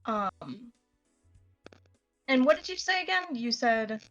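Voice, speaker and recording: A young woman running a tabletop game, talking slowly and haltingly through fillers. Her voice sits a little high and she laughs through her asides. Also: animated, a bit bright, lo-fi sound, soft background music. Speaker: game master.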